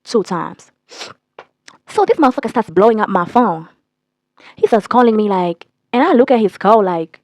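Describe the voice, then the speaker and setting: A young woman telling a casual, profane storytime with a blunt, animated delivery. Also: mid-range voice, brisk, no room sound. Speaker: storytime vlogger.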